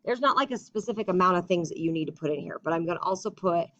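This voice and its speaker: A young woman teaching a class over a recorded lesson. Her voice sits low, and the sound is dull and lo-fi. She drags out the words she dictates, then falls back into easy chat. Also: expressive, a bit bright. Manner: slow and deliberate when dictating, chatty in between.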